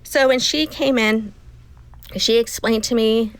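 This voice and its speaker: On poor-quality audio, a guest, a woman in her fifties, shares a personal story with an interviewer. Her fairly high, clear, resonant voice moves at an unhurried pace as she speaks with emotion, acting out other people's words in quotes.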